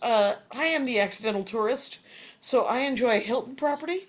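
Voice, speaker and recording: A woman's voice: on the high side, animated, fairly quick. A woman comedian in her fifties chatting casually from home, rambling and self-deprecating with many filler words. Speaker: comedian guest. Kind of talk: casual chat.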